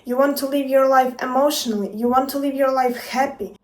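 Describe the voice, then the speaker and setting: A woman's voice: high voice, steady tone, fairly quick, darkish tone. A woman and life coach talking to her viewers in a casual motivational vlog, playful and emphatic, swearing freely. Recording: echoey room, distant from mic.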